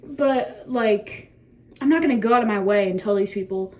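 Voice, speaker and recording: A woman's voice: medium pitch, moderate pace. A seventeen-year-old woman chatting casually to her phone camera in a bathroom, rambling, laughing often and swearing freely as she reflects. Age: teens. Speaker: vlogger.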